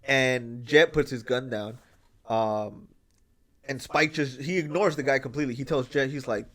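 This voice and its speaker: A man hosting a podcast in casual chat, excitedly retelling a film scene, swearing freely and acting out the lines. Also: medium pitch, moderate pace. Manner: excited storytelling, swears freely, acts out quotes. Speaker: podcast host.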